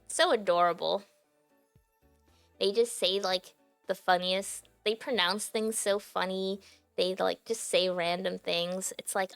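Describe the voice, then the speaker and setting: A young woman chats loosely to her stream, giggling often and leaning on "like" as she talks. Her mid-pitched voice carries a noticeable gravelly fry. The sound is dry and close, with faint music underneath. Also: steady tone, measured pace, no echo. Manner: chatty and giggly, heavy use of "like" fillers. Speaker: livestreamer. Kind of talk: casual stream chat to viewers.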